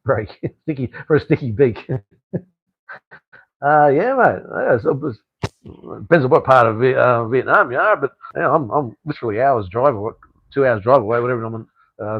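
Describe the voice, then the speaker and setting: Gravelly, blunt Australian man on a live stream. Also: mid-range voice, no echo, lo-fi sound. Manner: blunt, rambling, swears freely, says "mate" a lot. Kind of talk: casual live stream chat answering viewer comments.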